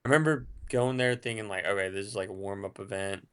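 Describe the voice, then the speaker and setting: A man's voice: lowish voice, quick pace, a bit bright, clean tone. A young adult man as a podcast guest, chatting in a laid-back, joking way that trails off mid-thought. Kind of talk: casual podcast chat.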